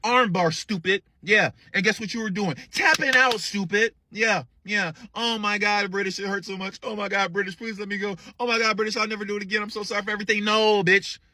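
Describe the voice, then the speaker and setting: A man's voice: high voice, steady tone, a little fast, few pauses, pushed and bright, voice pushed up. A man voicing a defiant, cocky teenage girl with a sassy, taunting delivery.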